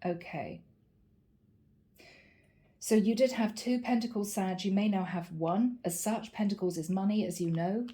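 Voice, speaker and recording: Woman tarot reader, mellow voice, earnest, encouraging, repeats herself. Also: medium pitch, measured pace, long pauses. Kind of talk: channeled tarot reading to camera.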